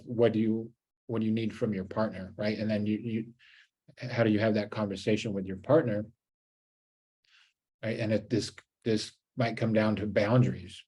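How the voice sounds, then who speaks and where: A man hosting a coaching talk on relationships, answering questions in a gentle, earnest way with many fillers and restarts. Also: fairly low pitch.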